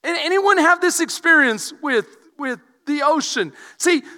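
A male pastor from Houston delivers a sermon as a story, dropping to quiet asides and then rising to shouted emphasis. His voice sits very high and sounds bright and forceful. A long reverb hangs on his words from the large hall. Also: lively intonation, measured pace. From Houston, Texas.

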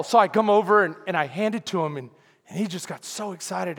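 A man preaches in a high, lively voice that carries through a large hall with a long echo. He acts out the lines of his story, dropping to near murmurs and then climbing to shouts, with frequent laughter. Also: fast, slightly rough. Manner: animated, acts out dialogue, laughs often, swings from quiet to shouting. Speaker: pastor. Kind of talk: sermon with storytelling.

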